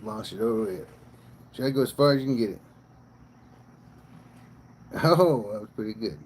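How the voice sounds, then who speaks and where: A man's voice: medium pitch, lively intonation, normal speed, darkish tone, slight background noise, poor audio. A man hosting a casual livestream outdoors by a cow pasture, rambling crudely and swearing a lot. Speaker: livestream host.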